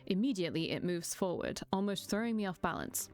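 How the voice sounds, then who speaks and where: A woman streamer narrating a visual novel and acting its dialogue with expressive reading. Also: lowish voice, fairly quick, faint music behind. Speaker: game streamer.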